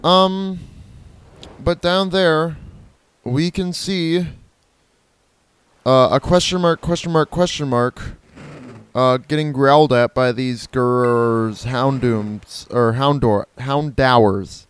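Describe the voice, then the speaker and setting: A gameplay video host casually comments on his own let's-play, rambling playfully, correcting himself as he goes and imitating creature cries. His medium-pitched voice is smooth and slow, with frequent pauses.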